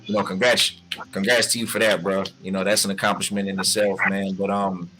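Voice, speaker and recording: A man's voice: low voice, flat delivery, brisk, background noise. A man hosting a casual interview, laid-back and encouraging, who calls his guest "man" and "bro". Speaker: interview host.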